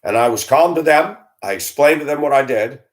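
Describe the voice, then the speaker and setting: A man in his fifties, a school bus driver, delivering a blunt, animated rant with swearing and grumbling. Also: medium pitch, fairly quick. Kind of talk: ranting monologue.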